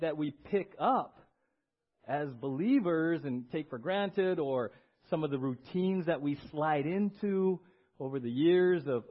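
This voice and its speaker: A man preaching a sermon as pastor in a church, animated, acting out little voices and asking the congregation questions. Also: medium pitch, muffled recording. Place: church sanctuary.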